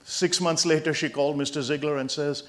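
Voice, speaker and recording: A man in his sixties from India giving a motivational talk to hospital staff, an emphatic storyteller who swings between loud punchlines and quiet asides. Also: a little high, steady tone, a little fast. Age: 60s. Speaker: motivational speaker.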